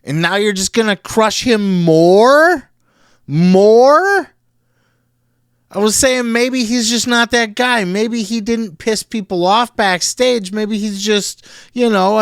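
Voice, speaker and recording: A man reviewing a wrestling show in casual solo commentary, profane and animated, laughing often. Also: high-pitched, clean tone, no echo, studio quality.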